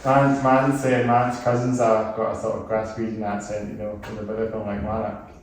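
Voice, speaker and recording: A man's voice: fairly low pitch, level tone, normal speed, slight background noise. A man hosting a podcast, chatting in an easygoing, agreeable way and often ending his points with tag questions. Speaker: podcast host. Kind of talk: casual podcast chat. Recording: roomy echo, mic at a distance.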